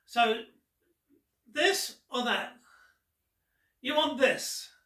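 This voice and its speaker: Male gospel magician, teasing and unhurried, with a bright tone, heard with a roomy, distant sound. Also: very high-pitched. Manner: playful and teasing, addressing the viewer. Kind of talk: magic trick with a Gospel story. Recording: roomy echo, distant mic.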